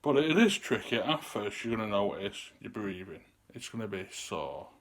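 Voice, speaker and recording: A man's voice: fairly low pitch, very animated, normal speed. A man, rambling in a loose, chatty way to camera and sometimes getting out of breath. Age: 30s. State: out of breath at times. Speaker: vlogger. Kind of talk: casual talk to camera.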